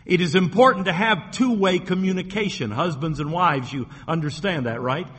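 A man's voice: high voice, normal speed, fairly bright tone, husky, long reverb tail. A man preaching a sermon as pastor, talking earnestly with repeated words and rising emphasis.

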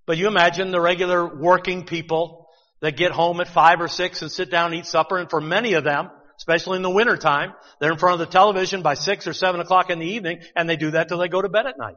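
Male preacher, chatty sermon delivery full of rhetorical questions, slightly high voice, muffled recording. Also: steady tone, fast, pushed and bright, in a large hall.

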